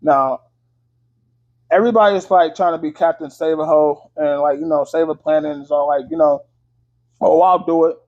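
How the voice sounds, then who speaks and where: Male vlogger, higher pitch, casual profane movie recap, filler-heavy, muffled lo-fi sound. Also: steady tone, moderate pace. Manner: loose, slangy, full of fillers and swearing. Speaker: movie reviewer. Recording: dull lo-fi audio.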